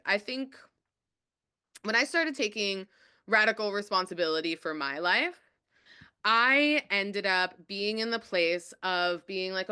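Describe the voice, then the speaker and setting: A woman's voice: mid-range voice, lively intonation, moderate pace, sharp tone, clean tone. A woman hosting a motivational webinar, upbeat and encouraging as she talks to viewers and reads their chat messages aloud. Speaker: webinar host.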